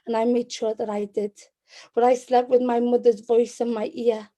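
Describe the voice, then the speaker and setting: A woman in her twenties with a Scouse accent, a poet reciting spoken word poetry in a measured, rhythmic way. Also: a little high, flat delivery, mellow. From Liverpool, England.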